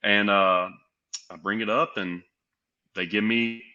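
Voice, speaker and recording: A young man from Tennessee tells a long story as a podcast guest. His voice is strikingly bright and forward. He plays out each exchange with lively quoted dialogue. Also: fairly low pitch, slow pace, highs cut off. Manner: animated, acts out quoted dialogue. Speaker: guest, pro wrestler and sales executive.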